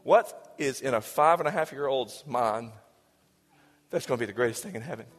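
A pastor in his forties preaching a sermon, moving between raised passages and hushed, whispered lines. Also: mid-range voice, normal speed. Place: church sanctuary. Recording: church hall reverb with soft music.

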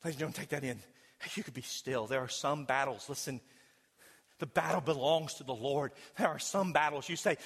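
A man preaching a sermon in a church, telling a story dramatically and swinging between loud and hushed delivery. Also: mid-range voice, a little fast, gravelly, slightly rough. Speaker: pastor. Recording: long hall reverb.

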